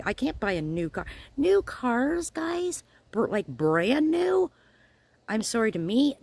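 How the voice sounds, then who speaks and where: A middle-aged woman, hosting her crochet channel and chatting casually as she tells a story, acting out both sides of each conversation. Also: fairly low pitch.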